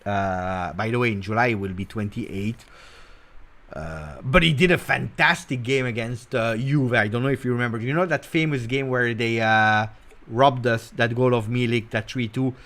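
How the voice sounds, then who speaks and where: Man, football show host, animated, teasing, loud then muttering. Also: mid-range voice, normal speed. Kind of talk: casual live commentary.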